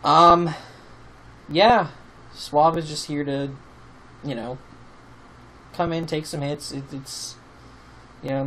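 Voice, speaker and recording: A man casually talking through a game team he has built, rambling with many pauses and fillers, and sounding sleepy. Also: mid-range voice, fairly bright tone, a little hiss or hum, poor audio. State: sleepy, yawning. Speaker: YouTube team-building host. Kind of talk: casual commentary over gameplay.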